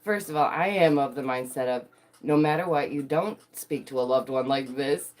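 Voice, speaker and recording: A woman's voice: a bass voice, moderate pace, darkish tone. A woman chatting casually to her viewers in a bubbly, giggly, playful way, acting out quotes in dramatic little voices. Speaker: vlogger.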